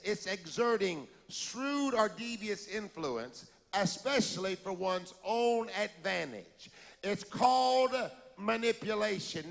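High-pitched, gravelly preacher. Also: male voice. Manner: animated, shouting, call-and-response with the congregation. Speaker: pastor. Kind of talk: sermon. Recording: long hall reverb.

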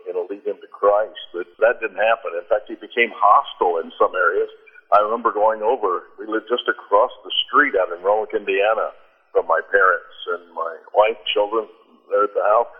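A man with a low, husky voice speaks earnestly and from the heart, often breaking off and restarting his sentences. His sound comes through a narrow, phone-like radio line. He is a preacher telling a personal story as a guest.

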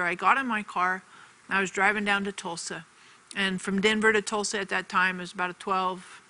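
A woman's voice: mid-range voice, sharp tone, low-quality recording. A woman giving an earnest televised faith teaching, telling a personal story and repeating phrases for emphasis. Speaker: TV ministry teacher.

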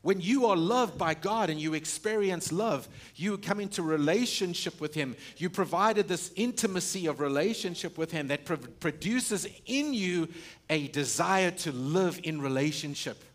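A male pastor preaching a sermon, full of rhetorical questions and restarts, swinging from loud emphasis to hushed, low stretches. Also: moderate pace.

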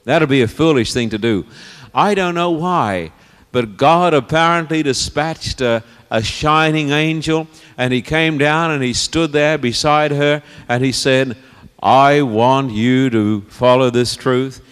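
A man's voice: a little high, measured pace, fairly bright tone, clear, resonant tone. A man preaching an evangelistic sermon, earnest and pleading, repeating phrases for emphasis. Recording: long reverb of a hall.

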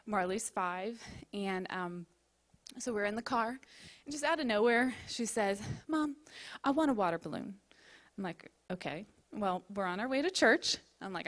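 A woman in her thirties with a medium-pitched voice speaks at a church service. She tells a story full of laughter, then leads the offering and prayer.

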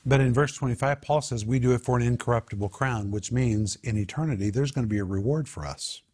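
A man's voice: medium pitch, fast, darkish tone, slightly rough. A man teaching a Bible study in an emphatic way, repeating his key phrases.

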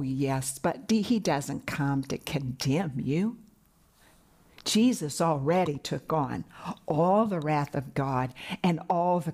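A woman preacher giving an earnest sermon on a broadcast program, rising in pitch for emphasis and dropping to hushed whispers. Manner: earnest, swings between soaring and hushed whispers. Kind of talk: televised sermon.

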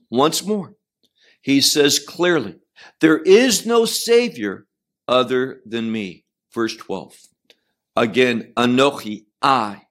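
Here a man with a fairly high, slightly bright voice teaches scripture one verse at a time. As a Bible teacher, he leans on key words, keeps a slow and emphatic delivery, and poses questions to his audience.

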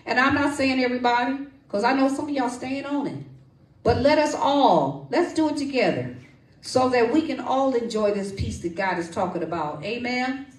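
Lively woman preaching in an echoey church. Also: fairly high pitch, moderate pace, distant mic. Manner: lively, call-and-response, folksy. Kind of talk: sermon with testimony and prayer. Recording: echoey room, voice from off-mic.

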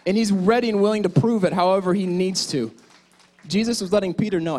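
A male pastor delivering a sermon, speaking directly to the congregation and swinging between loud exhortation and quiet asides. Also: high voice, brisk.

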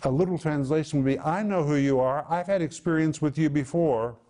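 A middle-aged man giving a sermon-style Bible teaching, explaining Greek words and slowing down to stress key words. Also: a little high, mellow.

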